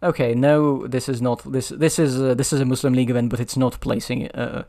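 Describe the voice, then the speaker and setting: A man's voice: medium pitch, level tone, a little fast, warm tone. A man playing a strategy board game on his own, thinking aloud and muttering over the rules as he decides his moves. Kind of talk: solo board game playthrough commentary.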